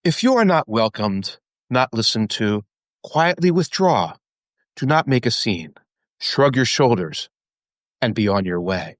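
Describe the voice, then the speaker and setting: Solemn calm jesus voice, low and slow, a man putting it on, dry close sound. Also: no echo. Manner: slow, low, reverent recitation. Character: solemn Jesus reading scripture, male, calm. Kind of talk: mock dramatic reading.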